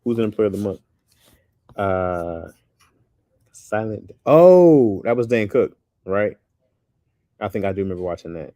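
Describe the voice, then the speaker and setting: A man chatting casually with his viewers in a loose, animated way, often calling people "bro". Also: on the low side, a little slow, long pauses, dry recording, studio quality. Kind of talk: casual chat.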